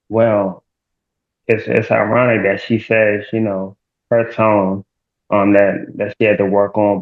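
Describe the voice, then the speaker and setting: A man guest in an interview, telling a personal story in an animated, playful way and acting out quoted lines. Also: on the low side. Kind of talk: candid conversational interview. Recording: echoey tinny phone-like line.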